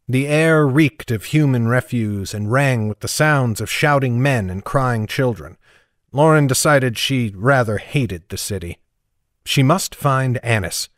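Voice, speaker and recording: A man reading a fantasy novel aloud as audiobook narrator, in a steady, even storytelling manner. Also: medium pitch, dry recording, studio quality. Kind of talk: scripted narration.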